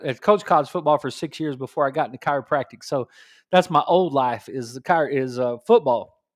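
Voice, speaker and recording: A middle-aged man, hosting a live radio talk show from a studio and telling stories in a casual, animated way with frequent laughs. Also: fairly high pitch. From New Mexico. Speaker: radio show host and chiropractor.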